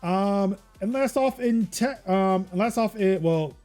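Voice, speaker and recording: A man's voice: high-pitched, a little slow, a little mellow, faint music behind. A man hosting a casual tech podcast, rambling with many fillers and restarts. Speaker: podcast host.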